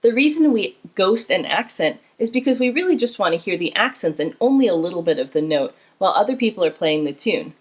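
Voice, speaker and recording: A woman's voice: medium pitch, animated, a little fast, hardly any pauses. A woman teaching a beginner string class, explaining bowing and counting students in with encouragement. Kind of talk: instrument lesson. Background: instrument playing.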